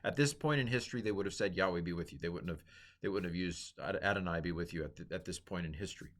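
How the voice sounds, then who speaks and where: A man's voice: sits low, fast, fairly bright tone. A middle-aged man giving a casual, chatty lesson on grammar, explaining with many fillers and asides. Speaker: teacher. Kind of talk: lecture on Hebrew grammar.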